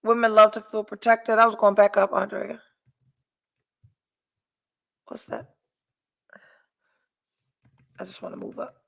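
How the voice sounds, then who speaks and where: A woman's voice: mid-range voice, flat delivery, a little slow, gravelly, long pauses. A middle-aged woman hosting a podcast, telling a story in casual chat and reading viewer comments, blunt and profane. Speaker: podcast host.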